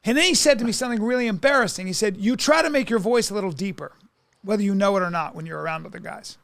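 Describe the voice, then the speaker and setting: A man's voice: high voice, quick pace, vocal fry, a bit bright, no room sound. A man from New York co-hosting a podcast, telling a long story in a rambling way, full of restarts and acted-out quotes. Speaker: podcast co-host. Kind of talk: casual comedic chat.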